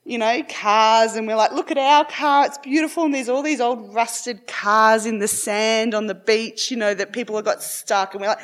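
A middle-aged woman telling a long personal story in a rambling, animated way, acting out the voices of her family. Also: a little high. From Australia.

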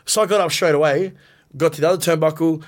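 A man with a fairly high-pitched voice tells his stories in a relaxed, chatty interview. He gets animated and raises his voice when he acts out what people said. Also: fast talker. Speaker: professional wrestler guest. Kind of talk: casual storytelling in a podcast interview.

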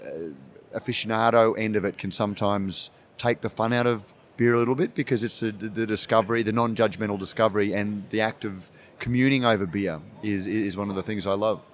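A man hosts a relaxed chat. His voice sits low, and he often repeats words as he starts a sentence. A faint hum of noise sits behind him. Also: a little fast. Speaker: podcast host. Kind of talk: casual interview chat.

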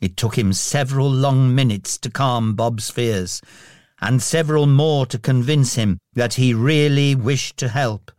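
Slow, measured male storyteller. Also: mid-range voice, darkish tone, no room sound, studio quality. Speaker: narrator. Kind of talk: storybook reading.

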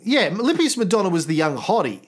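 A man's voice: high-pitched, big pitch swings, a little fast. A man co-hosting a casual art-history chat, musing aloud with irreverent, crude jokes. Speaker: podcast co-host.

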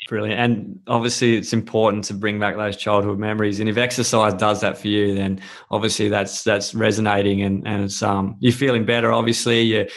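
An interview host with a fairly low, flat voice. He chats casually, repeating words and restarting his sentences as he agrees with his guest. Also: brisk, few pauses.

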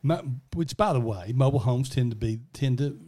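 A man's voice: mid-range voice, animated, a little fast, mellow. A man, telling stories as a podcast co-host in casual chat, with many restarts. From American South. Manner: rambling storyteller with many restarts.

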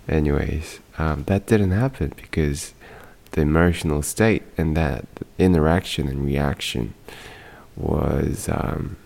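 Hushed, gravelly deep-voiced man. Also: takes it slowly. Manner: hushed, quiet delivery with frequent ums. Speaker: podcast host. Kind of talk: casual podcast monologue. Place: home at night, others sleeping nearby.

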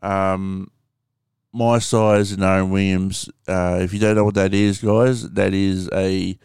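A man with an Australian accent rambles through a casual home vlog at an unhurried pace, stopping often for ums and dropping in casual swearing. His somewhat low voice comes through very clear and crisp, with a dry, close sound. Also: flat delivery, a little mellow, no echo. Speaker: vlogger. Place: room at home with window open.

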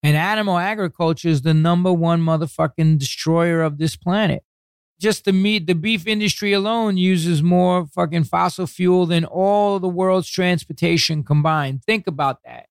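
An older man tells his stories in a profane, animated rush and acts out every exchange. His voice is smooth and crisp and sits a little high, and the recording is dry and close. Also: moderate pace, no room sound. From New York City. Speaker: guest. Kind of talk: casual interview storytelling.

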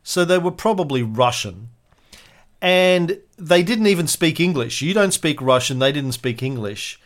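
Male podcast host, conversational storyteller, quick and loose delivery. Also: on the high side, expressive. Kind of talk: casual podcast chat.

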